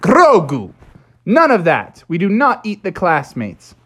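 A woman voicing a patient schoolteacher in a children's story, sing-song and gently firm. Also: lowish voice, wildly swooping pitch, unhurried, husky, voice pushed up, full character voice. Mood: kindly.

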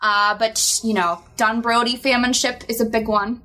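A woman's voice: a little high, little pitch movement, moderate pace, sharp tone. A woman co-hosting a podcast in casual chat, upbeat and chatty with playful exclamations. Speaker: podcast co-host.

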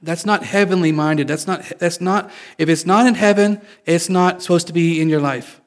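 A male pastor with a voice that sits high delivers a conversational sermon at a moderate pace. He often restarts his sentences, correcting himself, and tosses in light jokes.

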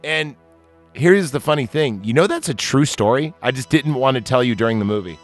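With soft music playing, a podcast co-host of medium pitch recaps a film briskly and expressively. His casual retelling wanders, swears freely and is peppered with fillers.

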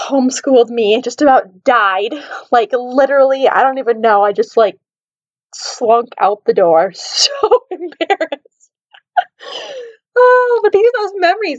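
Animated woman telling camp stories. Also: a little high, no room sound, highs cut off. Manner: animated, emotional storytelling with laughs. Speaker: podcast host. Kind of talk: storytelling podcast monologue.

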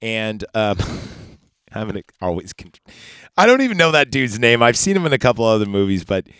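A man with a lowish voice hosts a casual podcast, walking through a film scene by scene. He talks in a loose, digressive way, full of fillers and cursing. The sound is dry and close, with no room in it. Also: big pitch swings, moderate pace, a bit bright, clear, resonant tone, no room sound. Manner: rambling, digressive and profane; laid-back, chatty with frequent fillers. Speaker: podcast host. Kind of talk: casual movie recap podcast.

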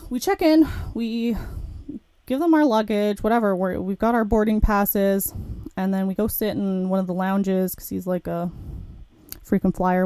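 A woman's voice: medium pitch, dry recording. A young woman podcast host telling a personal story in a candid, chatty way, acting out her own quoted thoughts. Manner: candid, chatty, animated retelling with quoted asides. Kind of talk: casual storytelling.

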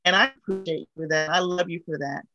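A woman's voice: lowish voice, fairly even intonation, fast talker, pushed and bright, lo-fi sound, soft background music. A woman guest on a talk show, earnestly telling a heartfelt personal story.

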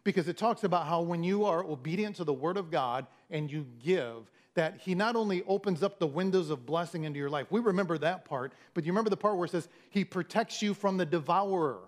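Man, pastor, sermon, slightly high voice, conversational, storytelling, restarts words. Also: a little fast, hardly any pauses. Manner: conversational, storytelling with acted-out quotes.

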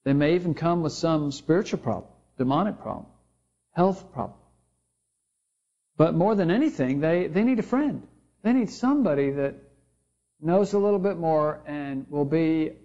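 A man's voice: sits high, expressive, moderate pace, mellow. A man preaching a sermon, telling stories in a conversational way and acting out the people in them. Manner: storytelling, conversational with quoted voices. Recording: dull lo-fi sound.

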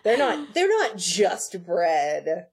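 Low-voiced woman, relaxed guest chat. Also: drawn-out words, heavy background noise. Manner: explains things patiently, laughs easily. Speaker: podcast guest. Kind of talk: casual chat.

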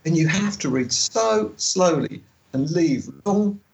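Chatty man with a raised pitch. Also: vocal fry, dull audio, slight background noise. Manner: chatty, animated, laughs easily, slows down for a careful read-aloud. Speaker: podcast co-host and travel author. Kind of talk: casual podcast chat.

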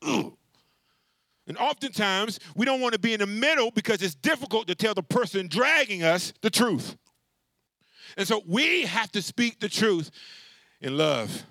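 Male pastor, high bright voice, conversational call-and-response sermon delivery, dry close sound. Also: a little slow, no echo. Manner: animated, with many restarts and asides.

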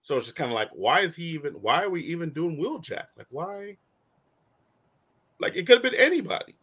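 A man with a bright, lively voice hosts a casual movie review chat. He talks in animated, slangy bursts, laughs often and acts out quotes in little voices. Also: fairly high pitch, brisk, breathy edge. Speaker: show host.

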